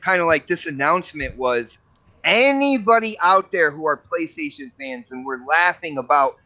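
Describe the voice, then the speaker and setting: A man on a gaming podcast panel who talks in an animated way, stammering and repeating words. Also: on the high side, moderate pace, dull audio. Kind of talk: casual panel chat.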